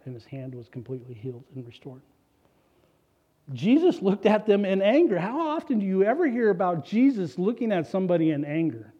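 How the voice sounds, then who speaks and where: A man's voice: mid-range voice, mellow, dull audio. A middle-aged man preaching a sermon, telling his own story in an earnest, personal way and reading scripture aloud. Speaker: pastor.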